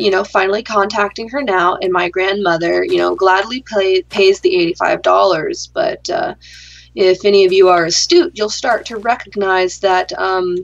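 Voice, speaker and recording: With a creaky, medium-pitched voice whose highs are rolled off, a young woman who hosts a gaming channel relates a story during a chat. She keeps it casual and deadpan-sarcastic, cursing without restraint.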